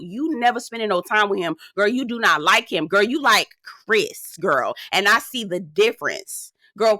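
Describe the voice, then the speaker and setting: A chatty woman recaps a reality series with plenty of sass, talking straight to her viewer as "girl". Her voice is bright and forceful, and it swings up high whenever she wants to stress a point. The sound is dry and close, with no room around it. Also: no echo. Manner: animated, swinging up high for emphasis. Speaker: reality TV reviewer. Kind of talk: casual recap commentary.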